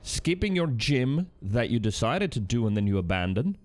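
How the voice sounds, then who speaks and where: Lively, teasing male streamer. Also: medium pitch, normal speed. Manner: lively, teasing banter reading chat aloud. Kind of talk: casual stream chat with viewers.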